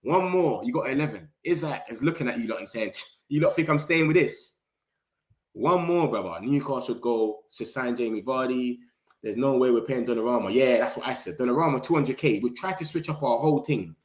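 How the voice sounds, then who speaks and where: Brisk and reverberant, a young man's mid-range voice carries a casual live transfer-news chat he hosts on his channel. He's animated, slang-heavy and quick to laugh and banter.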